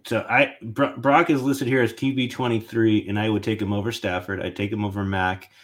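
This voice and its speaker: A man hosting a podcast, rambling and thinking out loud in a casual sports chat. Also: fairly low pitch, level tone, a little fast. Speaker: podcast host.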